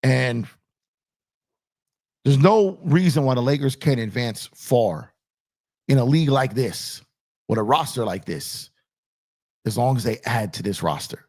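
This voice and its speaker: Ranting emphatically on a basketball show, this man has an expressive mid-range voice with a darkish tone, a slightly slow pace and many pauses. He repeats his lines and speaks to his chat as "y'all." It's recorded on an on-camera streaming rig in a home studio bathed in purple light.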